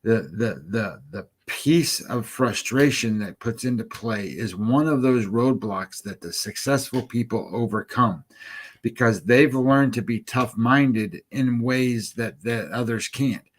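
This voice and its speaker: A man co-hosting a betting show delivers an earnest, coaching-style motivational talk. He leans on fillers and restates his points over and over in a voice of middling pitch. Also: unhurried, husky. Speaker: sports betting show co-host.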